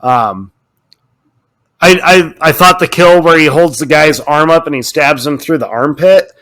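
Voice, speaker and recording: A man co-hosting a casual podcast, talking in an animated, ranting way and swearing freely. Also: a little high, a little slow. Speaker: podcast co-host.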